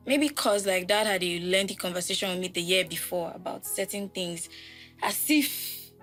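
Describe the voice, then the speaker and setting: A young woman hosting a podcast, telling a personal loss story reflectively and acting out the people she quotes. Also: medium pitch. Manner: reflective, animated when quoting people. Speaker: podcast host.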